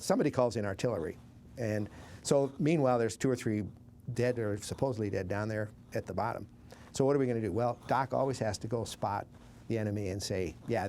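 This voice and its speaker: Older montana guy, gravelly low voice, halting storytelling, faint room hum behind. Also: a little mellow. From Montana, USA. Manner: halting, many restarts and fillers, plain-spoken. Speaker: veteran recounting war memories. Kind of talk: oral history interview.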